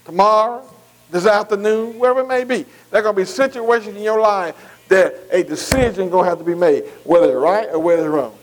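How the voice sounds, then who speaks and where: A man's voice: high-pitched, brisk, poor audio. A man preaching a folksy sermon, calling out to the congregation. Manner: folksy, call-and-response preaching with dialect.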